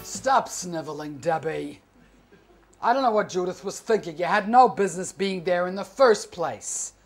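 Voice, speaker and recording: A woman doing a stern, low-voiced scolding mother. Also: animated, moderate pace, darkish tone, faint music behind. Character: stern Jewish mother scolding her daughter.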